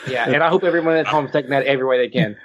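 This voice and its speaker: A man's voice: mid-range voice, very fast, lo-fi sound, crowd noise. A man hosting a podcast in casual chat, crude and irreverent, often laughing. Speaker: podcast host.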